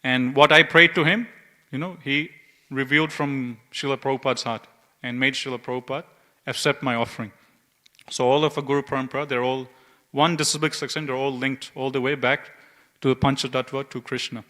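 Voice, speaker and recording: A man's voice: medium pitch, fairly quick. A man giving a scripture class at a temple, telling an anecdote and acting out its dialogue. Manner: narrates an anecdote with lively quoted dialogue.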